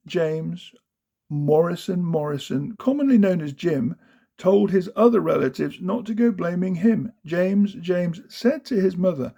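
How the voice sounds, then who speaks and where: A man's voice: high-pitched, expressive, measured pace, creaky, mellow, husky, highs cut off. A man giving a rhythmic, sing-song storybook reading of children's poems. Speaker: reader of children's verse.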